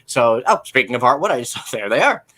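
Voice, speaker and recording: A man's voice: medium pitch, big pitch swings, fast, pushed and bright, husky. A man who does computer repairs, chatting casually on a live show with rambling side notes. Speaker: computer repair shop worker.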